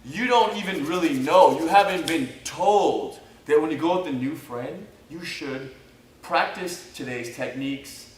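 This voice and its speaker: A man's voice: a little high, unhurried, a little hiss or hum. Brief: male co-host instructor, patient explainer, heard from a distance with room echo. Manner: explanatory, builds points step by step. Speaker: jiu-jitsu instructor, co-host. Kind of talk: casual instructional chat. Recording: echoey room, mic at a distance.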